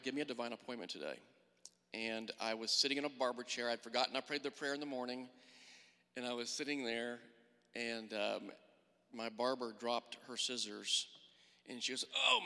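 An earnest man speaks in a church, sharing a testimony and then leading a prayer, often pausing to restart his sentences. His voice is bright and clear. A long reverb from the large hall trails after every phrase. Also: medium pitch. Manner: earnest, halting with restarts and fillers. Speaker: church member giving a testimony.

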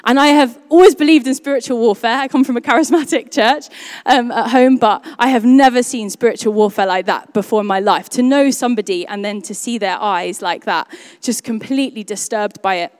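A woman's voice: fairly high pitch, fairly quick, clean tone, no echo, clean studio sound. Chatty young woman sharing a testimony. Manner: chatty, many fillers like "um" and "like". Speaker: church speaker sharing a testimony. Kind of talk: personal testimony talk.

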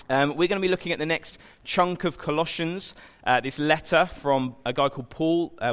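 A young preacher with a slightly high, somewhat bright voice gives an informal sermon in a church hall. He's chatty and self-deprecating, dropping jokey asides, and the hall adds long reverb.

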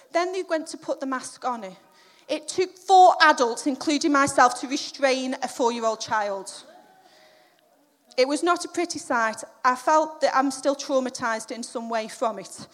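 A woman's voice: high-pitched, lively intonation, moderate pace, fairly bright tone. A middle-aged woman giving a chatty, self-deprecating sermon built around a personal story, acting out the quotes. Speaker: preacher.

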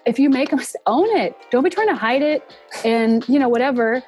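A woman's voice: fairly quick, faint music behind. Earnest woman in a reflective interview. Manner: earnest, reflective, acts out quoted speech with lively pitch jumps. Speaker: interview guest, entertainment production professional. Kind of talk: casual interview conversation.

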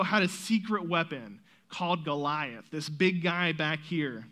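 A man with a high, bright voice leads a Bible story skit for children on a church stage. He coaxes the kids along warmly and tells the story with lively energy. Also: measured pace, few pauses. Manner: lively storyteller, coaxing and encouraging.

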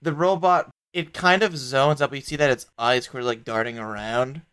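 A man narrating as game master of a tabletop game, animated and joking. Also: medium pitch, moderate pace, clean tone.

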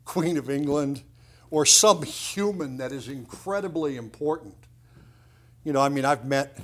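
A middle-aged pastor preaches a sermon to his church congregation in a loose, conversational manner. He drives points home with sudden emphasis and casual asides, his voice a little high for a man.

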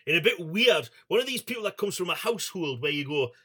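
A man's voice: sits high, very animated, fast, bright, forceful tone, slightly rough. A middle-aged man, hosting a call-in radio show and rambling in a chatty, sweary way. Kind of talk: casual call-in chat.

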